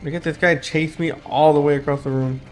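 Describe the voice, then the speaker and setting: A man's voice: on the high side, fairly even intonation, brisk, faint music behind. Sleepy, dry-throated young man gaming. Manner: rambling, thinks aloud with fillers and restarts. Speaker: gaming YouTuber. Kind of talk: casual gameplay commentary.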